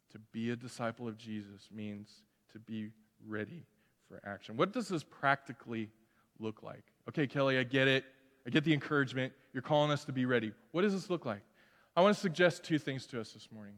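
A middle-aged man preaching a sermon as pastor in a church, animated and conversational, acting out quoted voices. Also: mid-range voice. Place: church sanctuary. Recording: long hall reverb.

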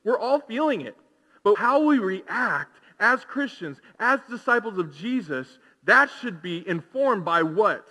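A man's voice: high voice, very animated, a little slow, pushed and bright. Man preaching in an echoing hall. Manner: conversational preaching, rhetorical questions. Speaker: pastor. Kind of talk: sermon. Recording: long hall reverb.

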